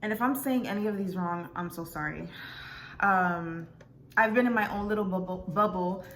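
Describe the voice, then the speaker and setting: A young woman from South Florida vlogging casually as she reads out her results, with many ums and pauses to check how words are said. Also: mid-range voice, fairly bright tone, a little hiss or hum. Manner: chatty, many ums, unsure of pronunciations. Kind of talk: casual vlog, reading results aloud.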